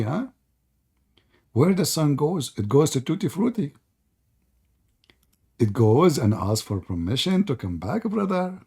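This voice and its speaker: A sarcastic man runs a live debate, his voice sitting a bit high with a warm, mellow tone. He is hoarse from hours of talking and keeps mocking in a sing-song way. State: losing his voice. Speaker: host of a live debate stream.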